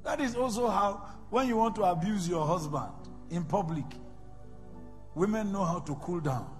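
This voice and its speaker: A man with a Nigerian accent preaching a sermon, swinging between loud shouts and soft whispers. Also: high-pitched, lively intonation, moderate pace. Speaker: pastor. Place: large church hall. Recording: reverberant hall with faint music.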